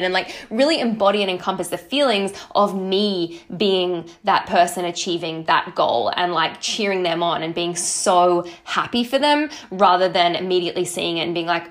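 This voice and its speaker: A woman's voice: lowish voice, normal speed, few pauses. A woman hosting a podcast, giving a casual motivational talk in a chatty, upbeat way and checking in with her listeners as she goes. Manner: acts out her own past thoughts in quotes. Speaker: podcast host, social marketing entrepreneur.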